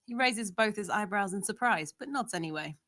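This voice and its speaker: A woman's voice: mid-range voice, lively intonation, a little fast, bright, forceful tone. A woman narrating, steadily reading out the scene descriptions of a screenplay.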